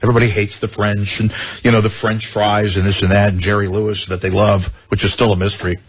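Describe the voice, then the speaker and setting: A man's voice: on the low side, little pitch movement, fast talker, slightly rough. A man hosting a talk radio show, joking and rambling with frequent stammered repeats. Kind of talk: casual talk radio banter. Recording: dull lo-fi radio sound.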